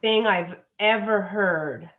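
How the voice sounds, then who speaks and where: A woman appearing as a dog psychic guest speaks earnestly and effusively in an emotional interview, often restarting her sentences. Her voice is medium-pitched and slow, heard over a tinny phone line.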